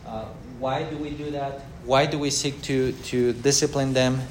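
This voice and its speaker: A man teaching a church Bible class in a halting way, with many fillers, acting out everyday quotes and asking the class questions. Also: mid-range voice, fairly even intonation, a little hiss or hum.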